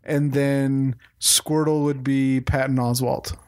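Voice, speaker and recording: A man's voice: medium pitch, level tone, slow, darkish tone, smooth. A man in a casual group chat, drawing out his picks with laughing asides.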